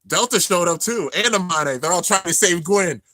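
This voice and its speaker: A young man narrating an anime finale as he watches it live, excited and emotional. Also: sits high, moderate pace, no room sound. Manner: excited, narrating on-screen action, drops to near-tears murmurs. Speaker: anime reaction host. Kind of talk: live reaction commentary.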